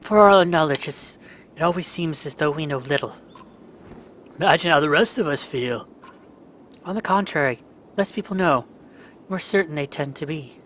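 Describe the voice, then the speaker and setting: This let's play gamer speaks with a fairly high, bright voice at a moderate pace, leaving long pauses. He voices all the dialogue in a story game as himself, erupting in curses when the controls glitch.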